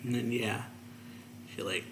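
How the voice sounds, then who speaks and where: A man's voice: medium pitch, steady tone, a little slow, gravelly, a bit bright. Man recapping a story, roomy sound. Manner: loose, filler-heavy retelling. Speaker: manga reviewer. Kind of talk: casual chapter recap. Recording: roomy echo, faint ambient noise.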